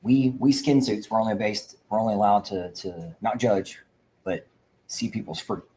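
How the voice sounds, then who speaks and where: A man talks fervently on a livestream, his low, mellow voice circling back through restarts as he preaches to fellow veterans. Faint noise sits under his computer mic. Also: moderate pace, rough recording. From Indiana. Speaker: veteran advocate host. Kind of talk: livestream talk.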